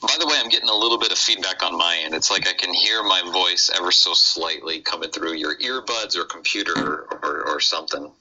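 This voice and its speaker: Low-voiced Midwestern man on a muffled call. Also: brisk, hardly any pauses, bright, forceful tone, a little hiss or hum. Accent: Midwestern American. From United States. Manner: friendly, upbeat, chatty. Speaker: pharmacist and career coach guest. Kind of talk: casual remote interview.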